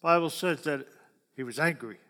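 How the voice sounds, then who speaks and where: A man's voice: on the high side, moderate pace, bright, forceful tone. A man preaching a sermon in a folksy way, often asking his listeners questions. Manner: folksy, asks the crowd questions. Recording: long hall reverb.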